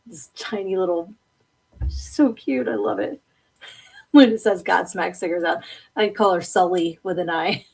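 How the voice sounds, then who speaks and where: A woman hosting a casual live stream, chatting easily and reading out viewer comments. She is animated and laughs often, and her voice sits a little low for a woman. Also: a little slow, creaky, long pauses, slightly rough. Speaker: host.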